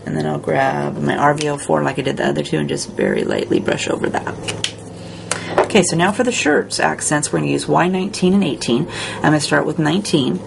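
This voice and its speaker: A woman hosting a step-by-step coloring tutorial, talking in a relaxed, chatty way while she works. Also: low-pitched, brisk, creaky, background noise. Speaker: crafting tutorial host.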